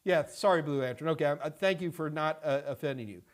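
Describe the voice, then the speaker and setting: A middle-aged man hosting a casual live-stream Q&A, talking in a rambling, halting way with many fillers and restarts. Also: fairly high pitch. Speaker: host answering viewer questions.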